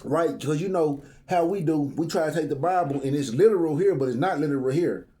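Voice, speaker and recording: A man's voice: fairly high pitch, a little fast, warm tone, slight background noise. A man reading scripture aloud and breaking off into joking, conversational commentary between verses. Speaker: Bible reading host.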